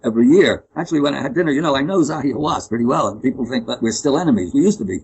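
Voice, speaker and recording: A man's voice: mid-range voice, animated, rapid-fire, a little mellow, breathy edge, lo-fi sound. A man giving an opinionated, rambling interview, often restarting his sentences. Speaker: interview guest. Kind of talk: conversational interview.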